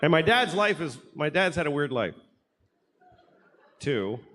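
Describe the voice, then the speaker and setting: A man's voice: on the high side, sing-song, a little slow, a bit bright, a faint crowd. A man doing a stand-up comedy set, rambling and sardonic, self-deprecating, with frequent restarts. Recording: live hall with audience noise.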